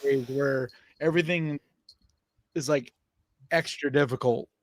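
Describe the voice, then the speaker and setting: A man's voice: medium pitch, steady tone, unhurried, over a noisy crowd. A man co-hosting a casual live-stream podcast, blunt and opinionated and swearing casually. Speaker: podcast co-host.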